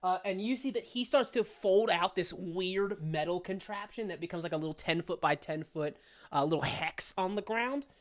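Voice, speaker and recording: A man's voice: sits high, moderate pace. A man narrating as game master in a tabletop game, loose and rambling with many fillers.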